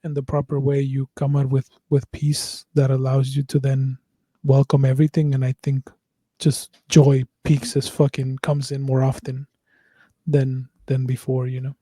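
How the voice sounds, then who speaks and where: A man's voice: mid-range voice, completely flat delivery, normal speed, dark tone, no echo. A man hosting a podcast, chatting casually, rambling and swearing with lots of fillers and restarts. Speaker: podcast host.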